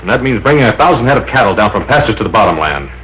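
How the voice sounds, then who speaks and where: An actor playing a serious, stubborn eldest ranch son who talks in a clipped, stern way. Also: male voice, on the low side, very animated, very fast, a bit bright, rough recording.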